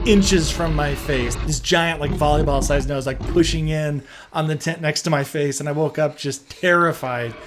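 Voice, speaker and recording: A young man narrating a personal storytime tale in a chatty, animated way, full of fillers. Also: fairly high pitch.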